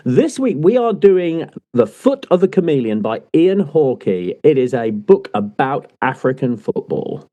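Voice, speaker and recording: A man's voice: a little high, very animated, unhurried, hardly any pauses, warm tone. A man co-hosting a casual chat podcast, jokey and teasing, laughing often. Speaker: podcast co-host.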